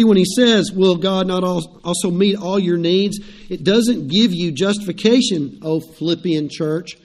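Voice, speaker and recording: A man's voice: fairly high pitch, a little mellow. A middle-aged man, preaching a sermon in a conversational way, repeating phrases and turning to the congregation with asides. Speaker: pastor.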